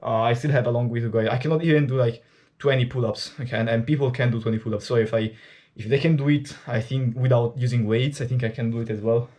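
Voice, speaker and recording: An Italian-accented man talks to his viewers while working out, loose and rambling, dropping casual swear words as he thinks aloud. His voice sits mellow and warm, never bright, at an ordinary middle pitch. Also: fairly even intonation, fast talker, few pauses. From Italy. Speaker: fitness vlogger. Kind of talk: casual chat to camera during a workout.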